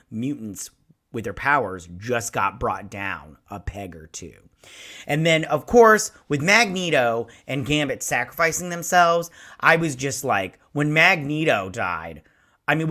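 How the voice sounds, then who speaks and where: A man in his forties hosting a casual episode review, excitable and rambling, with a lot of swearing. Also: medium pitch. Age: 40s. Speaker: show host.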